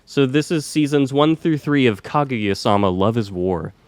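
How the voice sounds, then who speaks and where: A man's voice: mid-range voice, lively intonation, normal speed, darkish tone, dry recording. Laid-back rambling podcast guy. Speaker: podcast co-host. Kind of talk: casual chat.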